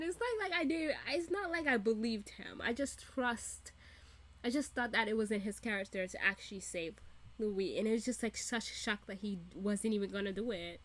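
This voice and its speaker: A woman's voice: on the high side, normal speed, a little hiss or hum. A woman hosting a reaction video, ranting casually and animatedly with a lot of swearing. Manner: profane, animated, laughing rants.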